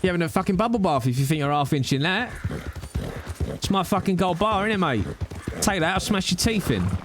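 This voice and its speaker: A man voicing a loud, thuggish Cockney geezer who swaggers and throws out taunts and threats. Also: high-pitched, very animated, brisk, noisy background, pitched above the performer's own voice. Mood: taunting.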